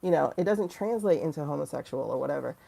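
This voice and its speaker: Blunt, chatty woman with a gravelly voice. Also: low voice, fast. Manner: animated, blunt, laughs often. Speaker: livestream host. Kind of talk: casual livestream talk.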